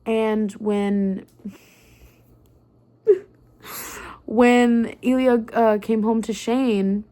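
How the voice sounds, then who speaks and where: A young woman recapping a book in a casual, excitable rant, swearing freely and filling her talk with "like" and "um". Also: on the high side, drawn-out words. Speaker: book vlogger.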